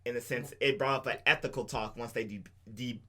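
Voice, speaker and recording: A man's voice: medium pitch, fairly even intonation, a little fast, sharp tone. A man co-hosting a podcast, explaining things at length with enthusiasm in a casual chat. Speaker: podcast co-host.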